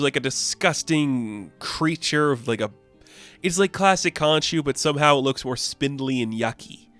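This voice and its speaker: A man's voice: a little high, animated, moderate pace, a bit bright, no echo, faint music behind. A man chatting casually and enthusiastically as a comic book reviewer, rambling with many fillers.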